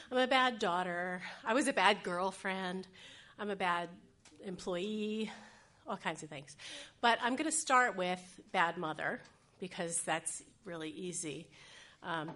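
On stage, a middle-aged woman tells a true personal story, poking fun at herself and acting out other people's voices. Her voice is medium-pitched with a sharp tone.

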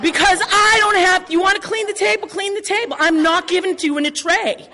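A woman's voice: very high voice, fairly quick, bright, forceful tone. A woman telling a personal story live, brash and swearing freely as she acts out scenes. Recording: long hall reverb.

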